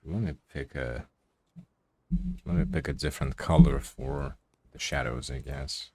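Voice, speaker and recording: A man's voice: a bass voice, expressive, measured pace, gravelly, no echo. A man streaming while he draws, chatting casually and swearing offhandedly. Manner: laid-back, swears casually. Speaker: art streamer.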